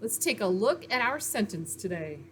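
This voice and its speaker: A woman teacher giving a slow, clear phonics lesson to young children, pausing for their answers and praising them. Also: mid-range voice, big pitch swings, slight background noise.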